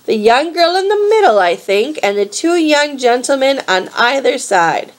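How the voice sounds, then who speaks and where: A woman's voice: high voice, big pitch swings, moderate pace, voice pushed up. A woman doing a sweet, fussy old lady in disguise. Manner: sweet and fussy, calls people dear. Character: genteel old female monster in disguise, motherly.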